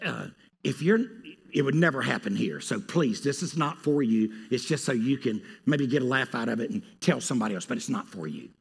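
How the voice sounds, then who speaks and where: A man preaching a sermon as pastor, with an animated delivery that swings from hushed asides to loud pleading. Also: mid-range voice, fairly quick, vocal fry, breathy edge. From North Carolina.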